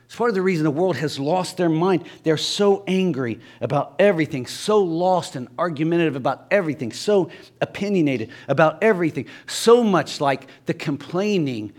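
A man's voice: a little high, expressive, brisk, darkish tone. A man with a Southern Ohio accent preaching a sermon in a church, talking conversationally, stumbling and restarting, and acting out quoted voices. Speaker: pastor. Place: church sanctuary.

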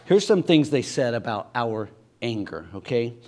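A man's voice: medium pitch, sing-song, moderate pace, darkish tone. A man with a Southern Ohio accent preaching a sermon in a church, talking conversationally, stumbling and restarting, and acting out quoted voices. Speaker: pastor. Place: church sanctuary.

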